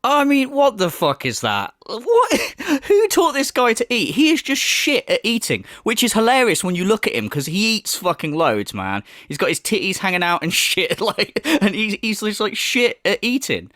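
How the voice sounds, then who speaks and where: A man's voice: high-pitched, huge pitch swings, moderate pace, hardly any pauses, pushed and bright, dry recording, clean studio sound. A man doing crude, mocking commentary as a YouTuber, laughing between jabs. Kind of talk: ranting commentary.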